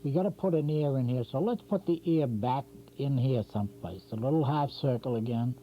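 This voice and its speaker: A man's voice: medium pitch, a little fast. Older man rambling through a drawing lesson. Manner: rambling, talks while drawing, self-correcting. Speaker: drawing instructor. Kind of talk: casual drawing demonstration. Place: local TV studio. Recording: dull lo-fi 1990s community TV audio with faint hum.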